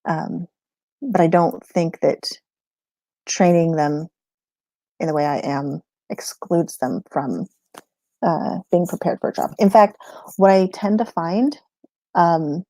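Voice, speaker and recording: A woman's voice: on the low side, slow, pauses often, mellow, no echo. A woman in a casual livestream chat, answering viewer questions about homeschooling, rambling and laughing often mid-sentence.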